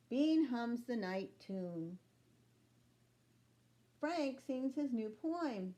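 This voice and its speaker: A woman teacher reading a chapter book aloud to children, slow and clear, pausing to ask young listeners questions. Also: fairly high pitch, expressive, mellow.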